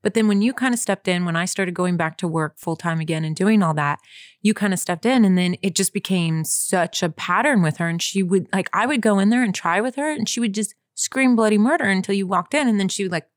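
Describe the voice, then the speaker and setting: A woman's voice: medium pitch, a little fast, dry recording, studio quality. Chatty young woman telling a parenting story. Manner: chatty storyteller, lots of "like" and "you guys". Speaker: podcast co-host. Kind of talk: casual chat.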